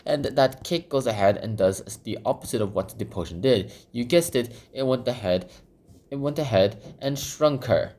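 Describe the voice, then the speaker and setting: A man's voice: mid-range voice, expressive, normal speed, a little mellow. A man casually summarizing a children's book while sketching, rambling with lots of fillers and repeated phrases. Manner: rambling, filler-heavy, repeats "goes ahead".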